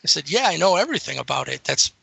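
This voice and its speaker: Gravelly, bright-voiced man rambling through stories. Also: on the high side, rapid-fire, no room sound, poor audio. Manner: rambling, animated retelling of encounters. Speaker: interview guest. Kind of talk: casual storytelling.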